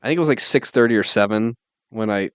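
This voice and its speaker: A man's voice: on the low side, fast, clear, resonant tone, no echo. A man in his twenties telling a rambling story to friends on a podcast, filling nearly every phrase with "like". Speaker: podcast co-host. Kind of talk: casual storytelling among friends.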